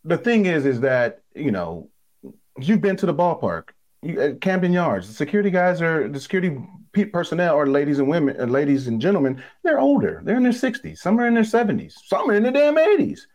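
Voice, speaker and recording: Former player, man, sports talk guest: emphatic, profane, pitch jumping all over. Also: brisk. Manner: animated, emphatic and blunt, swears freely.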